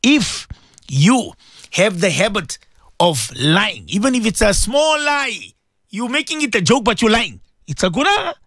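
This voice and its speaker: A man's voice: sits high, sing-song, a little slow, a bit bright, no echo, clean studio sound. A man giving an emphatic religious talk on radio, repeating himself and quizzing his listeners. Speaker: Muslim preacher on radio.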